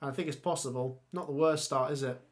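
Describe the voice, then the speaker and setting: A man's voice: mid-range voice, fairly even intonation, brisk. A young man hosting a casual live stream, thinking aloud about football fixtures and reading out viewer comments. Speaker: football channel host.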